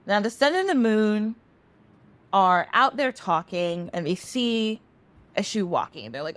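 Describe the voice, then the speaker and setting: Animated woman telling a story. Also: medium pitch, a little slow. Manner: animated, chatty, laughs easily. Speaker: podcast host. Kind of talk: casual storytelling.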